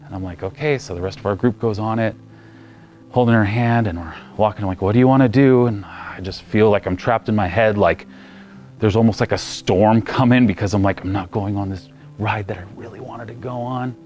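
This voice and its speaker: Animated pastor telling a story. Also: male voice, lowish voice, a little fast, soft background music. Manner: animated storyteller acting out voices, ranging from loud to near whisper. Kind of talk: sermon with personal storytelling.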